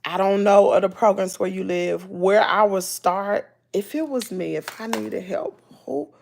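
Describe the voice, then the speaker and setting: A woman's voice: mid-range voice, measured pace, creaky, a little mellow. A woman with a Southern US accent chatting casually to her livestream viewers, folksy and preachy, repeating herself for emphasis. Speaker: YouTuber talking to live chat.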